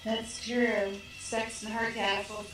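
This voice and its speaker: A woman's voice: on the high side, level tone, slow, a bit bright, faint music behind. A woman co-hosting a comedy stream, bantering and teasing playfully. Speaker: stream co-host. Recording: roomy echo.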